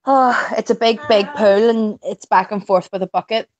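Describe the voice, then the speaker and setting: A woman's voice: medium pitch, steady tone, normal speed. A woman chatting playfully and animatedly in a casual family vlog, laughing often. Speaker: vlogger.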